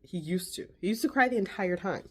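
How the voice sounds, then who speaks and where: Her mid-range voice is a bit bright, with lively intonation and a fairly quick pace, as this mother in her 40s chats casually while making breakfast. She films her vlog in the home kitchen on a counter-mounted camera, with slight background noise.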